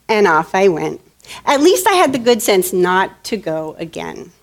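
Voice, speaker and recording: Lively storytelling woman giving a talk. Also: medium pitch, normal speed. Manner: animated, acts out childhood voices. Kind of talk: storytelling presentation.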